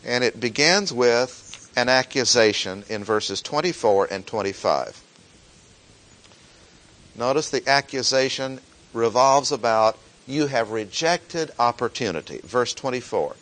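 A man's voice: mid-range voice, a bit bright, low-quality recording. A man preaching a sermon, reading scripture verses and pressing them with pleading emphasis.

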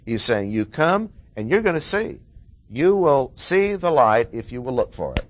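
A man's voice: medium pitch, very animated, normal speed, slight background noise. A man preaching a sermon, explaining a Bible passage with emphatic repetition of key words.

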